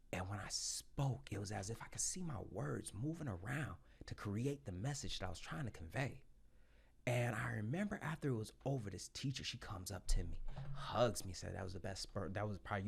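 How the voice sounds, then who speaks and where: A man in his thirties telling his story as a podcast guest, blunt and profane, loud when excited and quiet when reflective. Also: fairly low pitch, creaky. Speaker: podcast guest, Marine sergeant. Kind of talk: casual storytelling.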